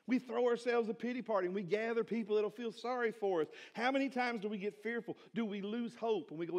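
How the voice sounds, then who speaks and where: A man's voice: high voice, fast talker, hardly any pauses. A male pastor, preaching a sermon to his congregation and building one rhetorical question on another. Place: church sanctuary.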